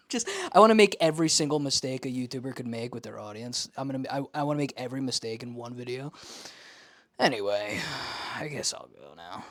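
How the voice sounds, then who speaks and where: Young male vlogger, mid pitch, rambling and self-deprecating, dry close sound, home office. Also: no room sound. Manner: self-mocking, rambling, jumps between loud and mumbled asides. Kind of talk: rambling casual vlog talk to camera. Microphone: camera he holds and turns.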